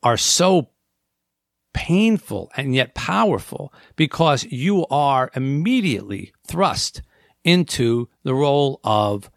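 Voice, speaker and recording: A man's voice: medium pitch, expressive, slow, gravelly, dry recording. Earnest male talk host, dry studio sound. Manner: earnest, acts out inner voices, rattles off numbered points. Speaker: radio talk show host. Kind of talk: reflective on-air talk.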